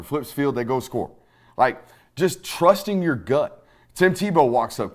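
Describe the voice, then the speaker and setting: A man hosting a sports podcast, telling stories in an animated, profane, casual way. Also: medium pitch, a little slow.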